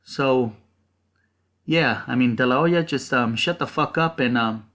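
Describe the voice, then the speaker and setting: A man's voice: mid-range voice, measured pace, fairly bright tone. Profane, heated man ranting. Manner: rambling with frequent fillers. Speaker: boxing channel host. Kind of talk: casual ranting commentary.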